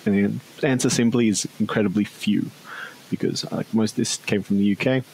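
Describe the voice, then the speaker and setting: A man co-hosting a casual podcast, thinking aloud with plenty of ums. His voice sits low and gravelly. A faint hiss runs under the recording. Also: steady tone, brisk, a little mellow, low-quality recording. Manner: musing, thinks aloud with many fillers. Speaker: podcast co-host. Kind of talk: casual discussion.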